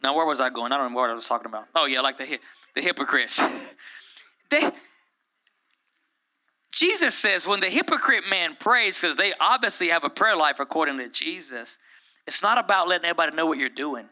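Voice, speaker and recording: A young male pastor preaches in a lively, chatty way. His voice sits high for a man and rings very bright. He keeps breaking into acted-out quotes. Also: a little fast. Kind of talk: sermon.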